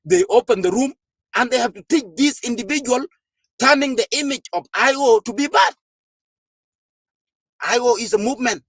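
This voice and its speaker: A man's voice: extremely high pitch, moderate pace, pauses often, fairly bright tone, breathy edge, dry recording. A man from Sudan, a party official giving an impassioned political speech to a gathering, firing off rhetorical questions with frequent hesitations. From South Sudan.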